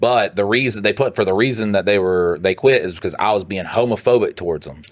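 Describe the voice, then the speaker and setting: A man co-hosting a podcast, telling a profane, animated story in casual chat and putting on voices for the people he quotes. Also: on the low side, moderate pace. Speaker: podcast co-host.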